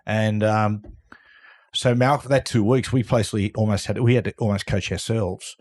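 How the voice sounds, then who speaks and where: A man's voice: lowish voice, fairly even intonation, normal speed. A middle-aged Australian man, a guest on a podcast, telling stories casually and acting out the other people in them. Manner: yarn-spinning, acts out quoted lines, laughs loudly. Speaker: podcast guest, former footballer. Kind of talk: casual storytelling.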